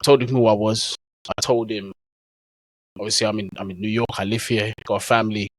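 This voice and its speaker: A man's voice: on the low side, fairly even intonation, fairly quick, no echo, poor audio. A man, a football content creator, telling stories in a casual, slang-heavy way as a guest in an interview. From England. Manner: easygoing, slang-heavy storyteller.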